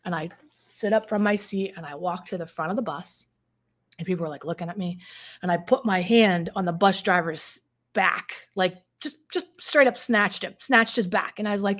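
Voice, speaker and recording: Lower-voiced woman telling a casual, salty story. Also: normal speed, a bit bright. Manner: casual, vivid and profane, with many fillers. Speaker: codependency coach. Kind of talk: telling a personal story to viewers.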